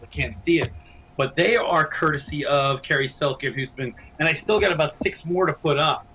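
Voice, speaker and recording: A man's voice: a little high, normal speed, bright, forceful tone. A middle-aged man, a wrestling broadcaster, chatting eagerly as a guest with stammering restarts from his home den. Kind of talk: casual interview chat. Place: small home man cave. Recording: dull lo-fi sound, faint noise.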